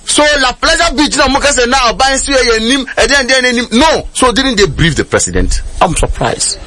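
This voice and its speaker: Animated high-voiced Ghanaian man. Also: moderate pace, slight background noise. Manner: emphatic, switching between Twi and English. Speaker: political commentator. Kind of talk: radio panel discussion.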